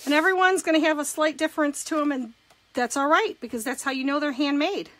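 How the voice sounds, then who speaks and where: A woman's voice: high voice, quick pace, fairly bright tone, low-quality recording. A woman giving a chatty live crafting demonstration, walking through each step and greeting viewers as she works. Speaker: craft demonstrator and direct sales consultant.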